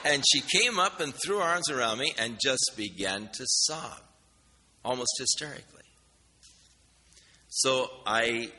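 A man preaching a sermon, telling a personal story in a folksy, animated way and acting out the dialogue. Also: medium pitch, breathy edge, in a large hall. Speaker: pastor.

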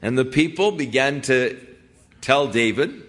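A man's voice: fairly low pitch, animated, moderate pace, fairly bright tone. A man preaching a sermon, retelling a scripture story in a folksy, conversational way with frequent asides. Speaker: pastor.

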